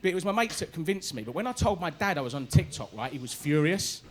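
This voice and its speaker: On a club stage, a Cockney comedian in his forties from East London, England, does a stand-up set in a high-pitched, sing-song voice. He's fast, punchy and chatty, constantly tagging his lines with "right?".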